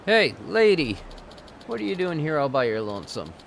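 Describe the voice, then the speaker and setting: A man's voice: medium pitch, wildly swooping pitch, fast, creaky, a little hiss or hum. A man voicing a belligerent, freshly dumped drunk who snarls insults and picks a fight.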